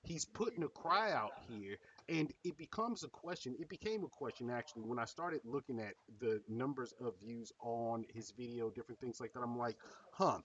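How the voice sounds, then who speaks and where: A man's voice: mid-range voice, moderate pace, few pauses, fairly bright tone, far from the mic, highs cut off, slight background noise. Blunt, heated male reaction host. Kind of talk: casual reaction commentary.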